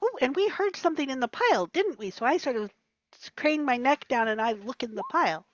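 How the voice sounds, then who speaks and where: Brief: playful woman player, very high voice, dry and slightly dull sound. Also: expressive, a little fast, no room sound. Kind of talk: casual chat.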